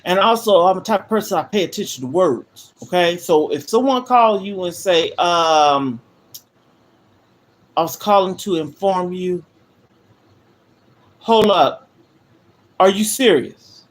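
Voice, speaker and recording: A woman's voice: on the low side, animated, a little slow, pauses often. An older woman hosting a livestream from her living room, talking to viewers in an earnest, emphatic way. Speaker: livestream host. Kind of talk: emotional livestream monologue. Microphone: phone livestream.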